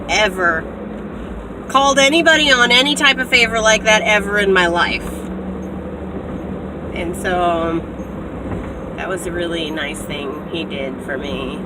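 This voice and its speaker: Animated young woman, noisy car. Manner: animated storyteller, acts out quotes with big pitch jumps. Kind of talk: casual storytime vlog.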